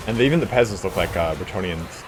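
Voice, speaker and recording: A man's voice: sits low, background noise. A man hosting a gaming video, giving loose, rambling let's-play commentary, swearing freely and chuckling often. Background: faint game music.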